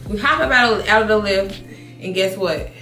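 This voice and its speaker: A woman in her thirties telling a casual storytime while doing her makeup, animated, swearing, restarting her sentences. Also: mid-range voice, moderate pace, roomy sound, soft background music. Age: 30s. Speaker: beauty vlogger. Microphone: compact camera mic.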